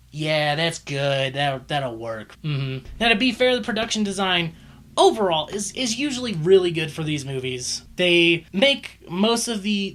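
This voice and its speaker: A man's voice: high voice, a bit bright. Exasperated man ranting about a movie. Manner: exasperated, ranting, swears often. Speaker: movie reviewer. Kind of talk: casual profane movie review.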